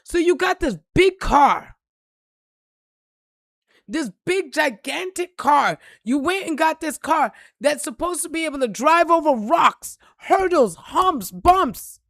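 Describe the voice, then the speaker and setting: A woman's voice: sits high, a bit bright, no room sound, clean studio sound. A woman vlogger telling a story in a blunt, profane, preachy rant. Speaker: spiritual reader and vlogger.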